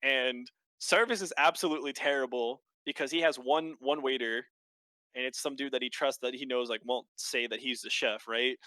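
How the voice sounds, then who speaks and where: Recorded dry, this medium-pitched male co-host chats casually on a podcast, recapping a show through quick, animated storytelling full of fillers and swearing.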